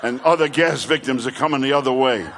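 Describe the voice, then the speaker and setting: An older male comedian doing stand-up, telling brash rapid-fire jokes. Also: mid-range voice, a bit bright, slight background noise.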